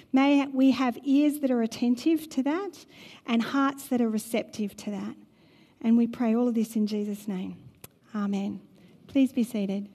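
A woman leading a spoken prayer in a gentle, earnest way. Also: fairly high pitch. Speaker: worship leader. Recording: reverberant church hall.

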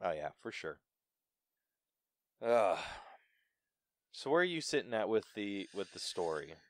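Animated low-voiced man chatting about a movie. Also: unhurried, dry recording. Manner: animated, laughing, acts out quoted lines. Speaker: podcast co-host. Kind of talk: casual movie review chat.

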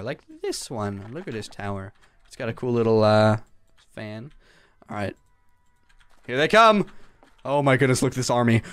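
Young male gaming commentator, lively and high-pitched, prone to panicked yelps. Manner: excitable, panicky yelps and shouts. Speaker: gaming YouTuber. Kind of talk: sandbox game commentary.

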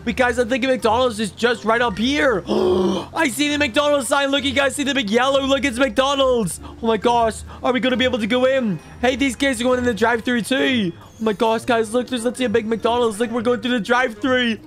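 Man doing a squeaky hyper baby boy. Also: fairly even intonation, brisk, hardly any pauses, a bit bright, soft background music. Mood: excited. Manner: squealing, hyper, talks straight to viewers. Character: excitable little baby boy, greedy and cheeky. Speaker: gaming YouTuber. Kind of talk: game commentary in character.

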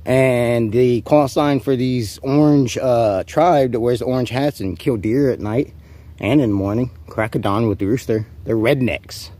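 A man's voice: mid-range voice, measured pace, mellow. A man vlogging an in-character rant, rambling, profane and taunting an unseen rival.

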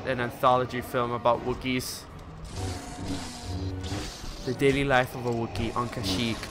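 A man giving casual, excitable commentary while playing a video game, swearing and yelling out his attack moves. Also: mid-range voice. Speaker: let's play commentator. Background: loud game music.

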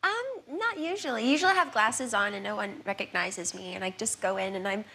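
A woman as a guest on a talk show, soft-spoken, giggly and a little hesitant. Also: medium pitch, a little fast, slight background noise. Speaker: guest singer. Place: television studio.

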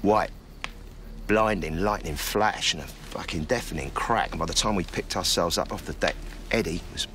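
A man's voice: deep voice, normal speed, noisy background, close to an everyday voice. A man voicing a blunt, swearing army sergeant in a fan dub of film scenes. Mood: grim storytelling. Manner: gruff, swearing, commanding. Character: hardened male army sergeant, middle-aged, blunt. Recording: loud background film music.

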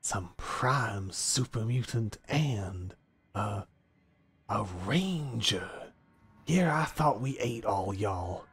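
A man's voice: on the low side, animated, extremely slow, a bit bright, heavily acted. A man doing a gloating cannibal raider. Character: menacing folksy male cannibal raider.

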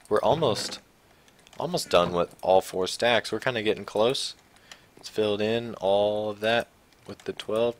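A young man talking casually while playing a building game, rambling and restarting his sentences, low-key with sudden excited outbursts. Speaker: gaming channel host. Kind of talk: casual Minecraft let's play commentary.

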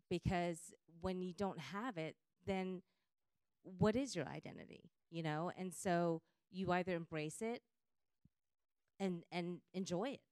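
A woman from New Jersey with a Jersey accent, speaking on a journalist panel in an animated, emphatic, personal way. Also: lowish voice, clear, resonant tone, no room sound. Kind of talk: panel discussion.

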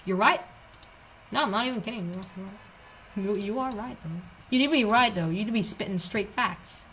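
A young woman streams a building game with live commentary, jumpy and joking, cutting in with slangy, self-mocking asides in a casual manner. Her mid-range voice is a bit bright, at normal speed. The audio is poor, with a little hiss or hum.

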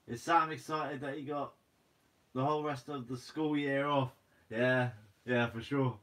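A young man with a Guernsey accent hosts a relaxed live stream. He talks casually with his viewers and reads their comments aloud. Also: mid-range voice, a little slow. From Guernsey, Channel Islands. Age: 20s. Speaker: fishing channel host. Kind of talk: live stream Q&A reading chat.

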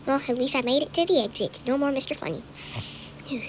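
Excitable high-voiced young woman gaming. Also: fast talker, noisy background. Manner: excitable, jumpy, chatty, yelps and laughs at scares. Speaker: gaming channel host. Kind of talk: live gameplay commentary.

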